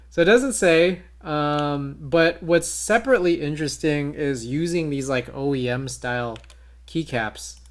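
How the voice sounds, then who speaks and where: Laid-back male streamer, slow easy delivery, casual chat with his audience. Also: fairly high pitch. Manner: laid-back, talks to chat while typing. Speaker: streamer building keyboards.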